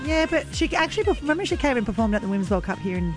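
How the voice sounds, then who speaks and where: A woman's voice: on the high side, sing-song, rapid-fire, faint music behind. Chatty female radio host. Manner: chatty, newsy, upbeat. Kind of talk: casual radio banter. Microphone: studio microphone.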